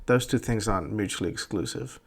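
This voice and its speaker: A man's voice: on the low side, a little fast, gravelly, breathy edge. A man hosting a podcast, ranting bluntly and profanely in a rambling way. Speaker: podcast host. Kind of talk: profane opinion rant.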